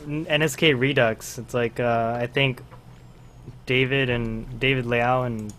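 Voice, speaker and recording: A man's voice: medium pitch, fairly even intonation, a little slow, a bit bright. Teasing male podcast co-host. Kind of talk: casual chat.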